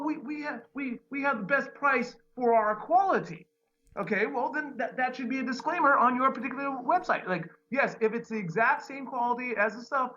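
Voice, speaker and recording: A man telling a long, exasperated story about a customer service runaround, full of restarts and retold dialogue. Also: extremely high pitch. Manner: animated, exasperated retelling with many restarts. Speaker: podcast host. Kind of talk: casual ranting story. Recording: dull lo-fi sound.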